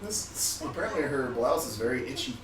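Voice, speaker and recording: A man's voice: mid-range voice, sing-song, fairly quick, recorded from a distance, a crowd in the background. A man hosting a casual movie commentary podcast, laughing often and rambling through his thoughts. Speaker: podcast host. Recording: roomy, off-mic, film soundtrack behind.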